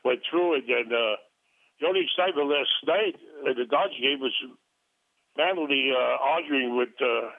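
An older man in his seventies chats casually, wandering from one anecdote to the next and laughing at himself. His voice sits at an ordinary pitch and comes through a thin, phone-like line. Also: normal speed, creaky. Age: 70s. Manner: rambling, anecdotal, chuckling. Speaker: retired ballplayer guest.

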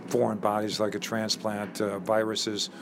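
Older man telling lively stories. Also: on the low side, normal speed, background noise. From Chicago. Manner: lively anecdotal storyteller, many fillers. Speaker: interview guest, former ballplayer. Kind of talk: storytelling in a conversation.

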